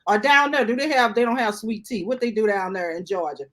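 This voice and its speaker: A woman hosting a casual livestream chat. She is chatty and animated and tags her sentences with "okay?". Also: a little high, fairly quick. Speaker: host.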